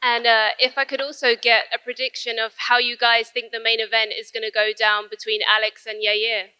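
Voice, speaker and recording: A woman moderating a question session with a panel, polite and brisk. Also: fairly high pitch, level tone, sharp tone, clean tone, rough recording.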